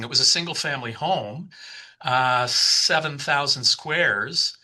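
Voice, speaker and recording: A man's voice: mid-range voice, a little slow, bright, forceful tone. A man in his sixties, a podcast guest telling a long personal story, often repeating words and restarting his sentences. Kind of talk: storytelling in conversation.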